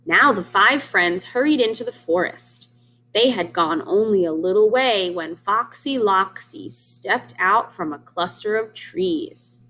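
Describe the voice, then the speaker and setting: A woman's voice: mid-range voice, expressive, a little slow, pushed and bright. A woman reading a storybook aloud to young children as a teacher, stopping to explain words and ask them questions. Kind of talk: children's read-aloud lesson.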